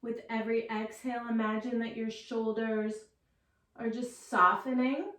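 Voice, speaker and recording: A woman teaching a yoga class, calmly and slowly cueing poses and breaths. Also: fairly high pitch, distant mic. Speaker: yoga instructor. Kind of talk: guided yoga class instruction. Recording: echoey room, voice set back from the mic.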